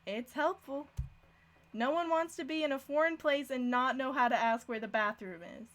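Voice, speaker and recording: A woman's voice: high voice, moderate pace, a bit bright. A young woman giving a casual live-streamed language lesson, chatty and self-deprecating, often laughing at herself. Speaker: language teacher.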